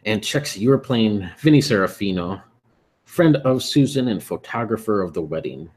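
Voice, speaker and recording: A man's voice: fairly low pitch, normal speed, husky. A man running a tabletop game as game master, laid back, recapping characters and setting the scene. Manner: relaxed, laughs easily, recaps patiently.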